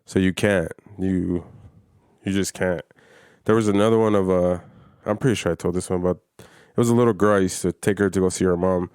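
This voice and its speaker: A young man with a very low, deep voice tells stories bluntly on a podcast, swearing freely as he goes. He is recorded close, and the sound is dry with no room echo. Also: steady tone, a little fast, darkish tone, clean tone. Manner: blunt, profane storytelling. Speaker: podcast co-host. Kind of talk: casual chat.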